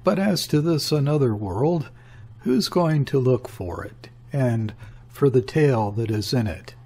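A brooding officer on leave, read by a man, speaking in a dead, even tone with a mocking edge. The voice is husky and very slow. It suits a storybook. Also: mid-range voice. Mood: gloomy.

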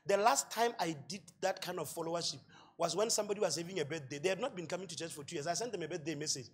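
Botswana pastor guy giving a sermon, kinda husky, raises his voice a lot. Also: a little high, rapid-fire. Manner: preaching with rising shouts, laughter and rhetorical questions. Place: church hall.

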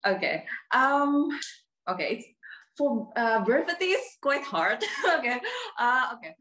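A woman's voice: on the high side, very animated, unhurried, bright, forceful tone, reverberant. A woman telling a personal story as a workshop participant on a video call, hesitant with many fillers.

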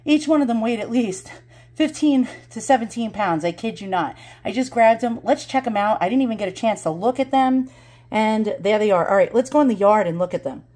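A woman's voice: on the high side, expressive, brisk, a little mellow, no echo. A woman vlogging casually while out of breath, rambling, laughing and swearing freely. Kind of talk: casual home vlog.

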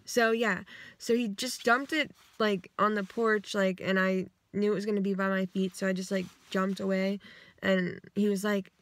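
Casual woman vlogger, rambling, animated quoting, dry close sound, car. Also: mid-range voice, normal speed, dry recording. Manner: rambling and animated, acts out quotes, swears freely. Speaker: vlogger retelling her dreams. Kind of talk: casual storytelling. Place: inside her car.

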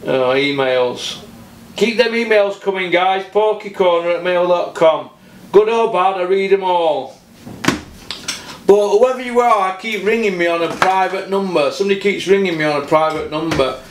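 A high-voiced South Yorkshire man rants about boxing on his own channel, blunt and full of swearing, hammering points home by repeating them. He sounds like he is in an echoey room with a faint hiss of noise behind him. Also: normal speed. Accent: South Yorkshire English. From Doncaster, South Yorkshire, England. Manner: blunt, heavy swearing, repeats himself for emphasis. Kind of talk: solo boxing opinion rant.

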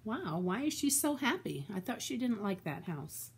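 An older woman reading a children's storybook aloud, slow and expressive, chatting about the story as she goes. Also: mid-range voice, husky.

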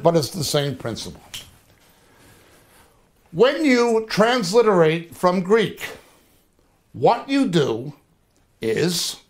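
Slow-spoken, high-voiced male Bible teacher. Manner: slow, deliberate, repeats terms to drill them. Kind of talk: teaching lecture on biblical languages.

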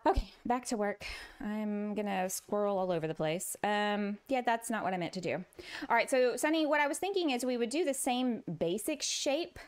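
A woman's voice: mid-range voice, moderate pace, clean tone. A woman with a Southern US accent, streaming a building game and chatting casually with viewers while laughing often. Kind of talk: casual chat.

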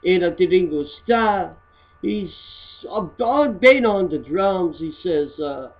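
A man doing a crude loudmouth. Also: high voice, animated, slow, dull audio, full character voice. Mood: mocking. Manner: crude, rambling, broken English. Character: crude, rambling immigrant guy mocking photos. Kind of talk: comedy satire monologue.

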